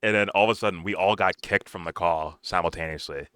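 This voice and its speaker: Male co-host, blunt and profane, smooth clear voice, dry close sound. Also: deep voice, fast talker, a bit bright, no echo. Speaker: podcast co-host. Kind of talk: casual political commentary.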